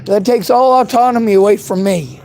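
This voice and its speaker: A man's voice: sits high, fairly quick, darkish tone, slight background noise. A man delivering an angry monologue to camera, bitter and heavy with profanity. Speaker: vlogger.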